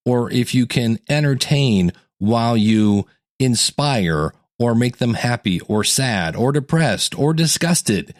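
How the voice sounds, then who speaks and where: A man hosting a teaching podcast in a casual, conversational way, acting out quotes with sudden jumps in pitch. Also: dry recording, studio quality. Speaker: podcast coach and host.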